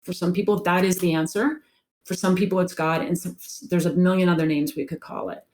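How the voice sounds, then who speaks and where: A woman's voice: fairly low pitch, fairly even intonation, fairly quick, a little mellow. A woman life coach answering interview questions in an earnest storytelling way, repeating phrases for emphasis.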